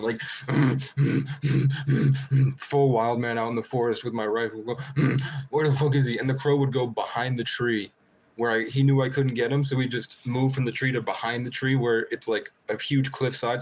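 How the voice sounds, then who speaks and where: A man's voice: mid-range voice, slight background noise, poor audio. A man chatting casually on a live stream, rambling and swearing, and laughing often between stories.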